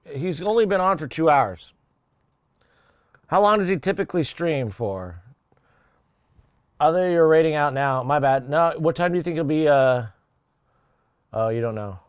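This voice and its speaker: A young man chats casually on a live music-production stream. He rambles, swears and laughs at his own jokes. His voice sits fairly high, and the sound is dry and close. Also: expressive, a little slow, pauses often, smooth, no echo, highs cut off. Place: home studio.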